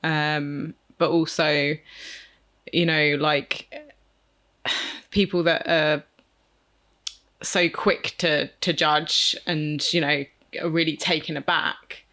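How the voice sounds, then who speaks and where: A man co-hosting a casual podcast chat, speaking thoughtfully and pausing and restarting as he works through his ideas. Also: a little high, flat delivery, bright, forceful tone. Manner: thoughtful, pauses and restarts while thinking aloud. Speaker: podcast co-host.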